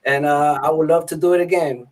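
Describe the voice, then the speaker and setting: A man with a high voice tells a story against himself in casual chat. He often stumbles and repeats words as he goes. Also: fairly even intonation, brisk, a little mellow, recorded from a distance. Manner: self-deprecating, repeats words.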